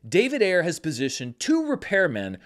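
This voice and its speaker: A man's voice: sits high, wildly swooping pitch, moderate pace. A man giving a film review in a wry, incredulous, sarcastic manner. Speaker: film critic.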